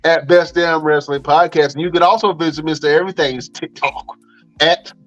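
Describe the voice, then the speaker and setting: A man's voice: a little high, steady tone, normal speed, a bit bright, dull audio. A man hosting a wrestling podcast, casually running through the show's plugs in a laid-back, slangy, rambling way. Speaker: podcast host.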